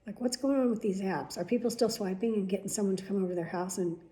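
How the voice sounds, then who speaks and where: A woman's voice: mid-range voice, fast talker, dark tone. A middle-aged woman chatting casually and rambling through stories, often swearing. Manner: chatty, profane, rambling storyteller. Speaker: vlog host. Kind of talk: casual chat.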